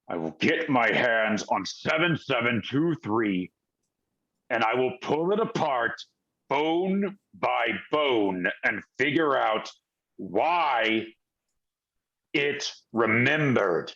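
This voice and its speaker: Man playing a ruthless game villain, furious, threatening, yelling, muffled lo-fi audio. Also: medium pitch, lively intonation, slow pace, pauses often, pitched below the performer's own voice, heavily acted. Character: angry ruthless male villain scolding an underling.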